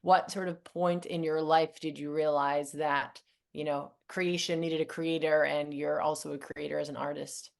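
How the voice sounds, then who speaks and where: A woman's voice: sits low, little pitch movement, normal speed, creaky. A woman hosting an interview, asking questions with enthusiasm. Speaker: interview host.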